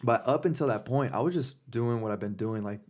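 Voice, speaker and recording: A podcast host with a medium-pitched, darkish voice talks a little fast. He tells a story casually and ramblingly, with lots of fillers and restarts.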